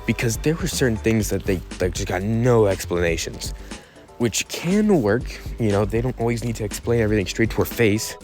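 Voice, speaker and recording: Laid-back rambling man, low voice. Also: darkish tone. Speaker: YouTube channel host. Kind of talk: casual opinion vlog.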